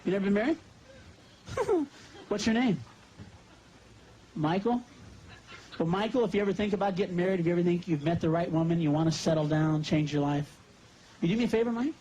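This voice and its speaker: A man doing a stand-up routine, loud and animated, talking directly to the crowd. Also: sits high, a little fast, pauses often, poor audio. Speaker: stand-up comedian. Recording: live recording with loud background noise.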